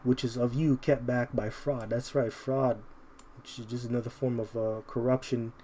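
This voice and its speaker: A man delivers fiery, confrontational scripture commentary in a warm, mellow voice at an ordinary pitch. He reads each verse slowly and deliberately, then keeps calling out "man" as he argues. A faint hiss sits under the recording. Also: flat delivery. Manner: combative, repeats "man" constantly. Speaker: Bible teacher.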